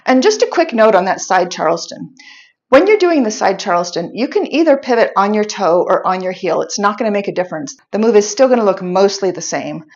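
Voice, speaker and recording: A woman's voice: mid-range voice, very animated, a little fast. A middle-aged woman teaching a dance step by step, patiently explaining and counting the beats aloud. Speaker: dance instructor. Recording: slightly dull, muffled sound.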